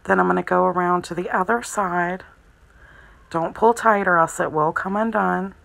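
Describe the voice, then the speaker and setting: A woman giving a calm, methodical crochet tutorial, narrating each step as she works. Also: fairly low pitch, moderate pace, creaky, low-quality recording. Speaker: crochet instructor.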